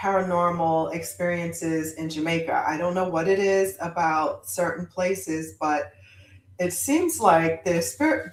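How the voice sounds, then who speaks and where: A woman guest on a podcast, chatting casually and telling a lively story with laughter. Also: lowish voice, echoey room, rough recording. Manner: animated storyteller, laughs often. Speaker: guest author.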